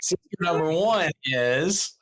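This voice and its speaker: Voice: medium pitch, animated, slow pace, a bit bright. A podcast host speaking in an easygoing conversational way. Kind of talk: casual chat.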